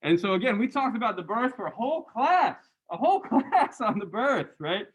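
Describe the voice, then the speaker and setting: A man lecturing a university class and going over graded answers, animated and chatty, often adding "right?". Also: high-pitched, moderate pace, slight background noise, low-quality recording. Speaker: university religious studies lecturer.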